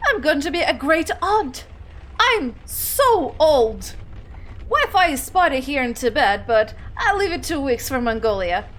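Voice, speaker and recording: A woman's voice: high voice, big pitch swings, measured pace, a bit bright, full character voice. A woman voicing a doting older great-aunt who travels the world, reading her message in a gushing, sentimental way.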